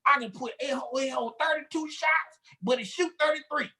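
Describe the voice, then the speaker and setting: A man's voice: extremely high pitch, normal speed, sharp tone, pitched above the performer's own voice, full character voice. A man voicing a boastful gun enthusiast who exaggerates about his rifle.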